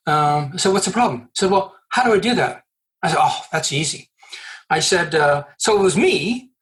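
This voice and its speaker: Guesting on a podcast, a recruiter from Canada tells lively stories in response to questions, voicing the dialogue himself and restarting frequently. He speaks in a high voice.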